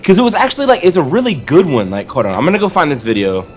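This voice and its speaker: A man's voice: fairly high pitch, big pitch swings, racing. A man hosting a casual livestream with friends, reading tongue twisters aloud, laughing a lot and swearing when he trips up.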